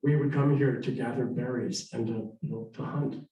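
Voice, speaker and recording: A man voicing a young Shoshone woman guide, speaking softly and hushed during a live storytelling talk. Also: mid-range voice, fairly even intonation, moderate pace, close to an everyday voice. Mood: wistful. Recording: roomy hall, distant mic.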